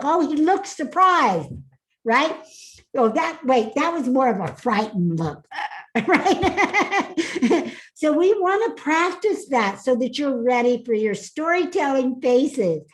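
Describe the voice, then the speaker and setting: High-voiced woman coaching over a video call. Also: lively intonation, measured pace, low-quality recording. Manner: upbeat, laughing, calls on attendees by name. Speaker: speaking coach. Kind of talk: live online masterclass.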